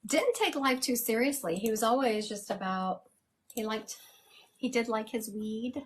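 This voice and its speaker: A woman's voice: on the high side, animated, measured pace, husky. A woman hosting a live stream as a psychic medium, chatting casually and laughing at herself.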